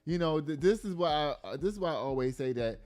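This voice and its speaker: A man hosting a casual news commentary show, slangy and animated, reacting aloud as he reads headlines. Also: a little high, fast.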